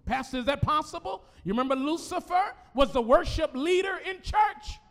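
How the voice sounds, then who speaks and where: High-voiced male pastor preaching. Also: moderate pace, big-room sound. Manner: animated, call-and-response, laughing asides. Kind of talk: sermon. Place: church.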